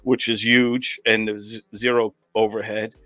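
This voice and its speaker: Low-voiced man rambling through a story. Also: little pitch movement, unhurried, pushed and bright, dry recording. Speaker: filmmaker and comedian. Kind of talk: casual chat. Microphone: video call.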